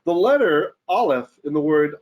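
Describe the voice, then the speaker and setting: Rabbi teaching Torah, slightly high voice. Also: male voice, expressive, normal speed, dull audio. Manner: reads Hebrew aloud, then translates and explains, thinking out loud. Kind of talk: Bible study lesson.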